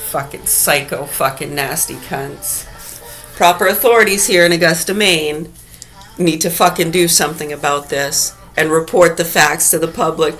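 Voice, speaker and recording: A woman with a fairly low voice unloads a furious, profanity-laced rant to camera. She drops into bitter mutters, then bursts out shouting. Faint music plays under her. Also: normal speed, rough recording. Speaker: mother ranting to camera. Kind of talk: angry profane rant vlog.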